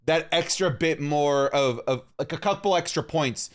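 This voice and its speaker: A man from Canada co-hosting a podcast, talking in an excitable, animated way and often saying "dude". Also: a little high, moderate pace. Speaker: podcast co-host. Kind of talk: casual chat.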